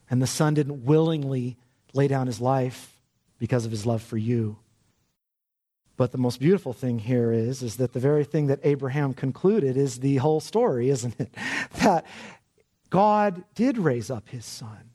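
A man preaching a sermon with great passion, dropping to a hush and then rising to loud, urgent cries. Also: medium pitch, measured pace. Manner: impassioned, swinging from hushed to loud. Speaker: pastor.

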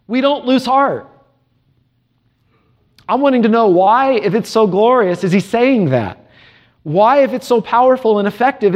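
A male preacher with a high-pitched voice and darkish tone delivers an earnest, emphatic sermon. He poses rhetorical questions and reads scripture aloud in a measured cadence.

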